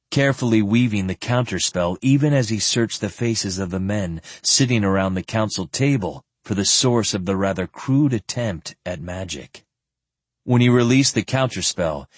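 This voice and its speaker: A man narrating an audiobook in a calm, expressive, scripted way. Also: lowish voice, dry recording.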